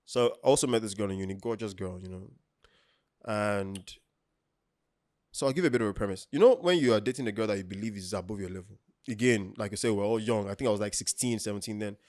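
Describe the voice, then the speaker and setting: Animated Nigerian man telling stories. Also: on the low side, fast talker, no echo, clean studio sound. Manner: animated, laughs often, acts out quotes. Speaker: podcast co-host. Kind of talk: casual storytelling chat.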